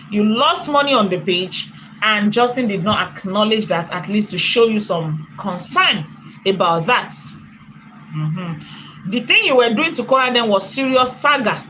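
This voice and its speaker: A woman's voice: on the high side, bright, forceful tone, a little hiss or hum, poor audio. A woman with a Nigerian accent, chatting and commenting on a live stream, laughing often and thanking viewers for donations at length.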